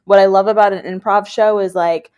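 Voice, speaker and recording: A woman's voice: mid-range voice, steady tone, a little fast, darkish tone. Enthusiastic American woman podcast host. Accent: American English. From United States. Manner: enthusiastic, uses "like" often. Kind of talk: casual interview chat.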